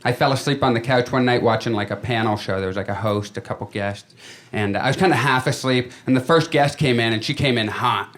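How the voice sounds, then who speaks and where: A man doing a stand-up comedy set on a club stage, telling stories in a chatty way and acting out his friends in quick voices. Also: medium pitch. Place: comedy club stage before a live audience. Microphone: handheld stage mic. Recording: live club recording with loud crowd laughter.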